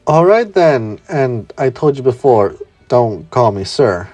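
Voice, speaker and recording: A calm, blunt young male super soldier , read by a male narrator, even and unhurried. A fan storybook reading. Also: mid-range voice, dry recording, faint music behind.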